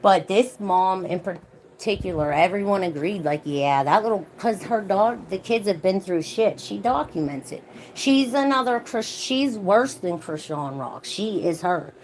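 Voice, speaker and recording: A woman's voice: mid-range voice, animated, a little slow, darkish tone. Young woman vlogger going off in a heated sweary rant, faint background noise. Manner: heated, profane, ranting. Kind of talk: ranting commentary vlog.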